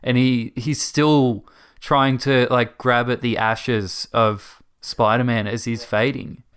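A man in a casual movie discussion, explaining scenes in a measured, thoughtful way. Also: mid-range voice, fairly even intonation, fairly bright tone, clear, resonant tone.

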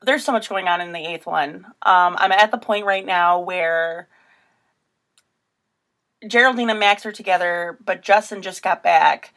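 A woman's voice: lowish voice, a little slow, a bit bright. Podcast co-host, young adult woman, casual rambling banter with laughs. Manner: chatty, giggly, rambling. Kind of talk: casual chat.

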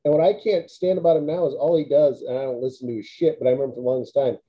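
A man's voice: medium pitch, fairly even intonation, rapid-fire. A man hosting a podcast, giving blunt opinions in casual chat and throwing in short reactions. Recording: dull lo-fi audio.

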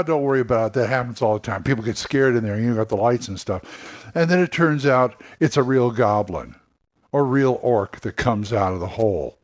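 Rambling man thinking aloud on a podcast. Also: medium pitch. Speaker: podcast host. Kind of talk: casual solo podcast monologue.

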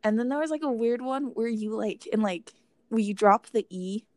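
A woman's voice: on the high side, normal speed, a little mellow, no echo, studio quality. A teenage American girl co-hosting a podcast, chatting casually and filling her talk with "like". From United States. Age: teens. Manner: chatty, lots of "like" fillers. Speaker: podcast co-host. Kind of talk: casual chat.

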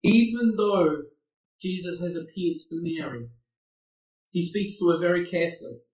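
High-voiced preacher in an echoey hall. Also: male voice, normal speed, darkish tone. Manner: earnest, with rhetorical questions. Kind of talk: sermon. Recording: echoey room, far from the mic.

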